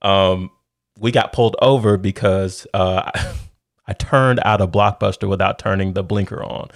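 Middle-aged male storyteller, low gravelly voice, animated casual delivery, dry close recording. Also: moderate pace, dry recording. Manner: animated, laughs often, says "dude".

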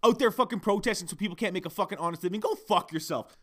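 Dude ranting on his podcast, swearing nonstop, talks super fast, bright edgy voice. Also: high voice. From Canada. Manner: heated, profane ranting. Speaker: podcast host. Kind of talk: solo podcast rant. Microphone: podcast microphone.

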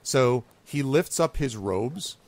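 A man runs a tabletop game as game master, narrating with a voice that rises and falls a lot. He rambles playfully and often restarts his sentences. His pitch sits in the middle. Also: animated, slow.

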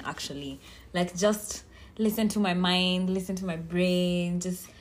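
A young woman hosting a casual solo podcast, chatting in a rambling way that keeps circling back on itself. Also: lowish voice. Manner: chatty, rambling, self-interrupting. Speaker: podcast host.

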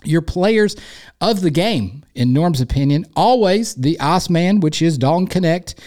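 A man with an East Tennessee accent talks solo on his sports podcast. He rambles and jokes and pokes fun at himself in an easy, casual monologue. His voice sits a little high for a man. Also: expressive, unhurried, darkish tone. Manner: rambling, jokey, self-deprecating. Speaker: podcast host.

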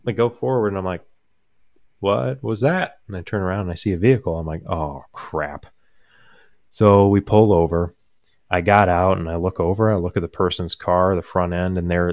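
A man's voice: deep voice, no echo, clean studio sound. A young man casually telling a long, amused story, rambling with many fillers and restarts.

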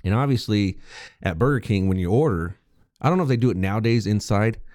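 A young adult man, a podcast co-host, telling a story in casual chat, profane and animated, laughing often. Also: fairly low pitch, fast talker, no room sound, studio quality.

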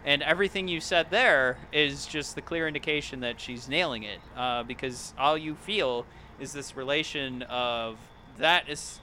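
A man's voice: medium pitch, normal speed, few pauses, bright, forceful tone, slight background noise. A man co-hosting a podcast in casual chat, rambling and searching for words as he goes. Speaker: podcast co-host.

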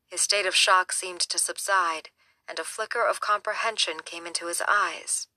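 Female audiobook narrator, steady and measured, bright lower voice. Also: no echo. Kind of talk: scripted narration.

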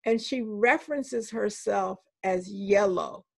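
A woman's voice: mid-range voice, slow, gravelly, slightly rough. An older woman, a professor, telling anecdotes in a conversational interview and voicing the people she quotes.

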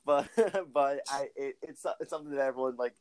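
A man's voice: medium pitch, fairly quick, a crowd in the background. A man with a light New Jersey accent hosting a podcast, chatting casually at an outdoor barbecue in a rambling, filler-heavy way. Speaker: podcast host. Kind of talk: casual chat.

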